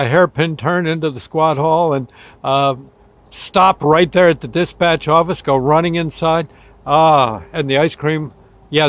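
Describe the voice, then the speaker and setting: A man's voice: fairly high pitch, dry recording. A man who once worked on an ambulance crew, telling a story in a folksy, rambling way with chuckles between phrases. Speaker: ambulance crew member recalling a shift. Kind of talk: casual storytelling.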